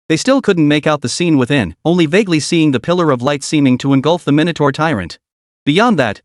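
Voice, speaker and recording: A man's voice: fairly high pitch, no echo, studio quality. Dramatic male story narrator. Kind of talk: scripted comic recap narration.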